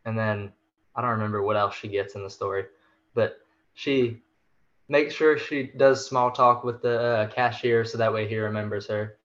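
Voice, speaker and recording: A man's voice: on the low side, steady tone, moderate pace, a bit bright. A man guesting on a podcast, retelling a story in a laid-back, slangy way. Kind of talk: casual literary discussion. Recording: dull, lo-fi remote audio.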